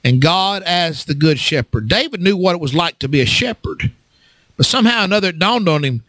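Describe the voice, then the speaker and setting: Preacher guy, high bright voice, gets fired up and shouts, dry close sound. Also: expressive, brisk, no echo. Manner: fervent, rises to shouts, call and response. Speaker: pastor. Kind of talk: sermon.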